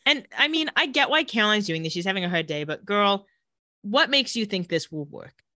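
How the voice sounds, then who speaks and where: Lively, bright-voiced woman recapping. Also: brisk, no echo, clean studio sound. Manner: animated, dips into low voices for characters. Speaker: podcast co-host recapping a TV episode. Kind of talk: casual chat with acted-out quotes.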